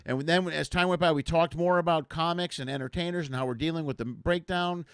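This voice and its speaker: Rambling jokey host, dry sound. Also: male voice, a little high, steady tone, a little fast, a bit bright, clear, resonant tone, no room sound. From Chicago area. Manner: rambling, jokey, self-deprecating. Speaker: comedian and live show host. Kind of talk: casual chat.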